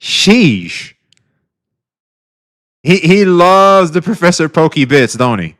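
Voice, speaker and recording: A man's voice: a little high, big pitch swings, slow, fairly bright tone. A man streaming live, casually reacting to a clip, laid-back, swearing and laughing a lot.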